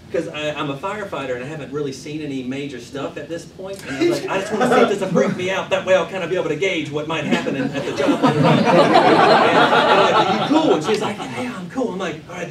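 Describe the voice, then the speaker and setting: Man, guest storyteller at a live improv show, high, lively delivery, swears a lot; echoey stage, mic at a distance, loud audience laughter behind. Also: fast, over a noisy crowd. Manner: animated, swears freely. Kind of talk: live comedic true-story monologue.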